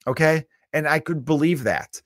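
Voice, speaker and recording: A man's voice: a little high, normal speed, dry recording, studio quality. A man in his thirties hosting a solo comedy podcast, ranting bluntly with lots of swearing. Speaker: podcast host.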